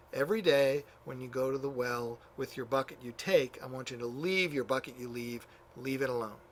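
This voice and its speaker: A man lecturing a class in a relaxed, conversational way, his voice sitting at an ordinary middle pitch. He spins out a story with lots of fillers and quick asides. A faint hiss of background noise sits under the recording. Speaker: church history teacher. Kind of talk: classroom lecture, retelling stories.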